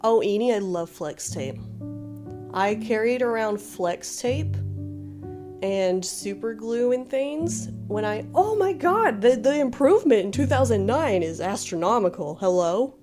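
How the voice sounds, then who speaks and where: A woman doing casual live-stream commentary, gushing and excitable, laughing often. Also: on the high side, unhurried, music in the background. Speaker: livestreamer.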